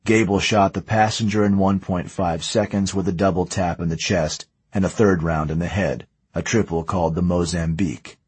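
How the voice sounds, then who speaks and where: Low husky male narrator. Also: steady tone, normal speed, hardly any pauses, darkish tone, dry recording. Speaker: audiobook narrator. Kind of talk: scripted narration.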